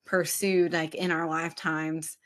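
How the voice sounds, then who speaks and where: A woman hosting a faith podcast, sharing a story in a reflective, soft way, often searching for words. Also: sits low, level tone, unhurried. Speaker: podcast host. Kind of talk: casual faith podcast chat.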